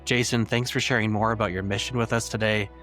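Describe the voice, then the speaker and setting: A man's voice: lowish voice, fairly even intonation, quick pace, fairly bright tone, faint music behind. A man hosting a podcast, reading a polished, upbeat introduction and asking his guest questions. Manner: upbeat, polished presenter delivery. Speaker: podcast host. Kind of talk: scripted intro and interview questions.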